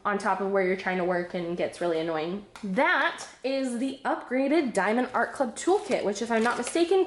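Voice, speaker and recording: A woman chatting casually and excitedly while unboxing crafts, a little out of breath, bubbly and giggly. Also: medium pitch, echoey room, a little hiss or hum. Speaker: craft vlogger.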